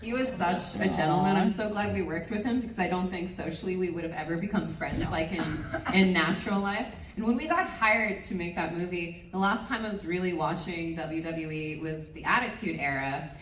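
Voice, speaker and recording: A woman filmmaker on a convention panel, telling lively stories, laughing often and swearing freely. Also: fairly low pitch, fairly quick, hardly any pauses, background noise. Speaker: film director on a convention panel. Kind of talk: storytelling panel Q&A. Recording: echoey hall from far off.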